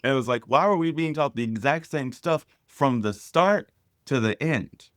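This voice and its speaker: A man's voice: mid-range voice, animated, normal speed, dry recording, studio quality. A man, a drag performer, telling stories in a casual interview and acting out the voices of people he quotes.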